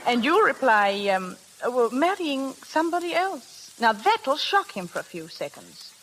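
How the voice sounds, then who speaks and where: A woman's voice: sits high, very animated, measured pace, fairly bright tone, slight background noise, full character voice, poor audio. An actress in a 1930s radio play voicing a shrewd woman who coaches a younger girl in how to win a proposal. She talks in a coaxing, conspiratorial way, full of hesitations. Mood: scheming. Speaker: matchmaking confidante.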